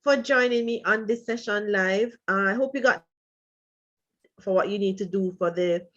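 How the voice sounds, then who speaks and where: A woman's voice: mid-range voice, normal speed, fairly bright tone, dull audio. A woman teaching freelancing in a live online session, talking casually and emotionally, with small laughs between phrases and repeated apologies. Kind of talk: live-stream chat. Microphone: computer mic on a live video call.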